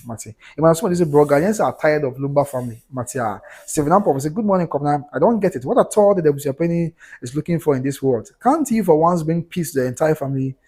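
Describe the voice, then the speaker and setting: A man's voice: on the high side, mellow, slightly rough. A Ghanaian man hosting a livestream, reading out viewer comments and reacting to them in a mix of Twi and English.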